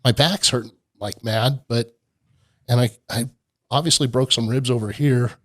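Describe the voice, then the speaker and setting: A middle-aged man, an off-road park owner, rambles through a long story as a guest in a relaxed podcast interview, laughing a lot. He has a steady, mid-range, slightly bright voice at a moderate pace, recorded dry.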